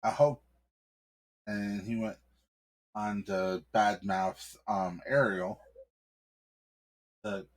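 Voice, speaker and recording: A man telling an improvised story in a casual, halting way, with many ums and restarts. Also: on the low side, level tone. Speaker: streamer and storyteller.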